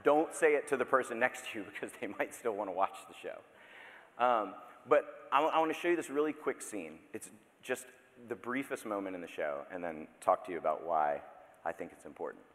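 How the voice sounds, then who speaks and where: A man's voice: lowish voice, brisk. A man in his thirties preaching a sermon in a church, speaking conversationally with playful asides and self-interruptions. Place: church sanctuary. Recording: long reverb of a large hall.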